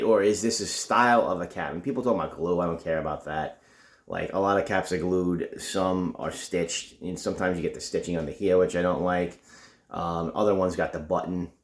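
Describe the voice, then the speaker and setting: A man's voice: deep voice, reverberant. A man hosting a casual unboxing review video, laid-back, cursing freely and saying "you know" a lot. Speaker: video host.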